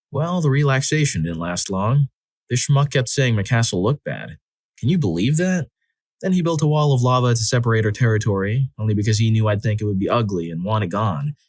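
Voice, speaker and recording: A man with a fairly low voice narrates a string of short personal stories, reading them expressively and leaning into the drama. His voice is recorded close and dry, with no room sound around it. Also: no room sound. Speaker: story narrator. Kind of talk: scripted narration of reader stories.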